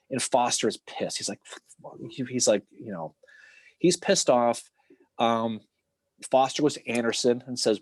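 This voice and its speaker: Brief: man, husky voice, very lively pitch, animated casual storyteller, dry close sound. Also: normal speed, no room sound. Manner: animated storytelling with acted-out quotes and swearing. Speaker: podcast co-host. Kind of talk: casual history podcast chat.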